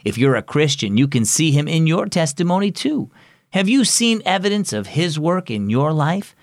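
Expressive male children's story narrator. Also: a little high, moderate pace, dry recording, studio quality. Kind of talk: scripted narration for a children's devotional.

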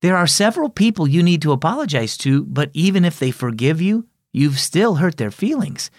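A man's voice: a little high, sing-song, normal speed, a little mellow, no room sound, clean studio sound, pitched above the performer's own voice. A man voicing a kind mother in a storybook tale, speaking in a lightly raised, caring tone.

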